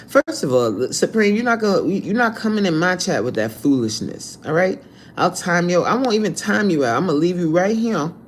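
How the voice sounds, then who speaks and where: A man's voice: a little high, slight background noise. A man fitness coach on a live stream who reads out viewer comments in a blunt, sassy, scolding way.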